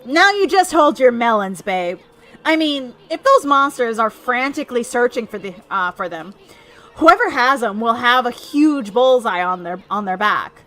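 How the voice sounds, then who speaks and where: A woman voicing a tiny brash male sidekick in a video game, with a loud, teasing, boastful manner. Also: on the high side, lively intonation, normal speed, soft background music, poor audio. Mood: bickering.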